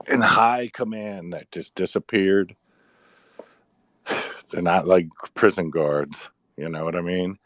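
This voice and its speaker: Deep-voiced rambling man, casual chat. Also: no echo. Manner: rambling, repeats words, sighs.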